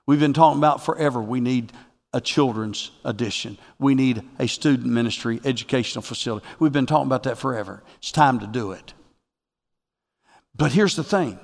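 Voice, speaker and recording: A pastor preaching a sermon to his congregation. He moves from quiet reflection to loud, rising exhortation. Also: mid-range voice, long reverb tail.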